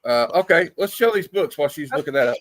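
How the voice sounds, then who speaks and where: A man's voice: on the high side, animated, quick pace, fairly bright tone, no room sound. A man hosting a casual comic book stream, playful and teasing as he runs the segments over a video call. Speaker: stream host.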